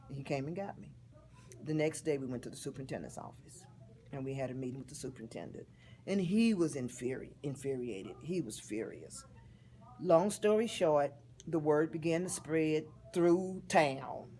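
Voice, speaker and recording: A woman, telling a personal story in an interview in a heartfelt, expressive way. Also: deep voice, slight background noise. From Texas. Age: 50s.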